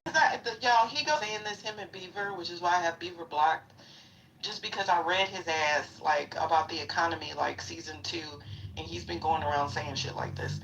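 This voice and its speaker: A woman's voice: fairly low pitch, normal speed, a bit bright, recorded from a distance, lo-fi sound, a little hiss or hum. A middle-aged woman chatting casually in a live audio room, blunt, profane and ready to call people out. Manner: confrontational when calling someone out. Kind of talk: casual chat.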